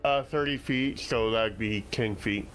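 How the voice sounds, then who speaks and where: A man playing in a tabletop game, hesitating and thinking his moves through out loud. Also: mid-range voice, unhurried, soft background music. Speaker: player. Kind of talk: casual tabletop game chat.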